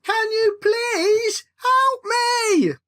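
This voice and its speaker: A woman voicing a short, panicky young man, a self-important small-time businessman who yells in shrill, frantic cries. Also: drawn-out words, exaggerated voice. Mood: panicked.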